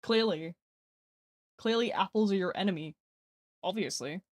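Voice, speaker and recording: A man's voice: high-pitched, normal speed, no echo. A man streaming a video game, chatting casually with viewers in a playful, joking way with mock-dramatic outbursts. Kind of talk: casual live-stream chat while gaming.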